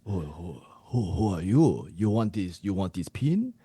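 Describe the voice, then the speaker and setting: A haughty old sensei coach played by a man speaks in grand, clipped, mock-formal phrases. The voice sits very low and dark, recorded close and dry in a podcast chat. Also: very animated, a little slow, husky, no room sound, heavily acted. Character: stern old male sensei coach guarding a prize.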